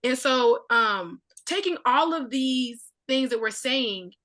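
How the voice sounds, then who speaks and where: A woman with a bright, somewhat high voice leads a casual Bible study discussion. She talks thoughtfully and often fills with "like." Her tone is crisp and clear. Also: expressive, takes it slowly. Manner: thoughtful, many filler likes.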